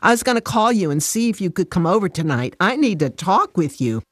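A woman voicing an upset, defensive working mother who protests in a high, emotional voice. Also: very animated, a little fast, no echo, clean studio sound. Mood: relieved.

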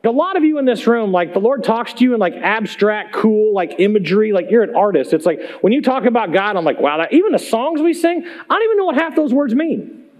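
A man with a very high voice preaches a sermon to his congregation. He talks in a casual, emphatic way, often throwing questions at the room. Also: big pitch swings, brisk. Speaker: pastor. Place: church sanctuary.

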